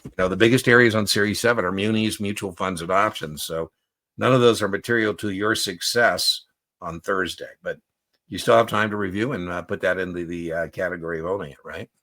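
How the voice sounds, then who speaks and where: Deep-voiced man tutoring in casual talk. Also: a little fast, sharp tone. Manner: conversational, storytelling, acts out quoted dialogue. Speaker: exam prep tutor. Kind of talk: casual spoken lesson with anecdotes.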